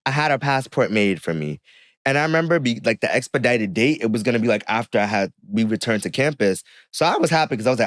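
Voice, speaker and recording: A man's voice: medium pitch, fast, no echo, clean studio sound. A young man, a podcast guest, telling a personal story in casual chat and acting out the people he quotes. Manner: animated storyteller who acts out the people he quotes.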